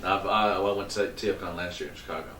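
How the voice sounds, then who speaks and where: A man's voice: low voice, steady tone, fast, bright, forceful tone. A joking man who laughs often, chatting as a podcast host at a convention, recorded in an echoey hall from a distance. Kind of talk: casual convention chat.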